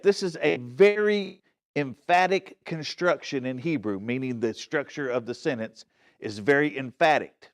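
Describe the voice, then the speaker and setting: A man's voice: mid-range voice, measured pace. A man giving a Bible study sermon in a church. He speaks earnestly and with emphasis, often checks in with his listeners, and restarts and corrects himself as he goes. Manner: frequent restarts and self-corrections. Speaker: pastor teaching a Bible study.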